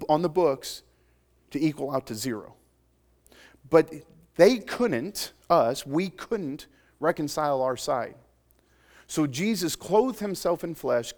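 A pastor delivers a sermon in a somewhat high voice, keeping it conversational and joking with the people in front of him. He swings from loud, emphatic declarations to soft, almost intimate asides.

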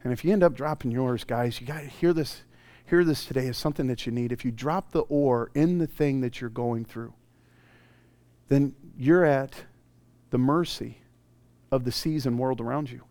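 A male pastor preaching a sermon, telling stories with animated swings from loud bursts to hushed, intimate passages. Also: mid-range voice, moderate pace, no room sound.

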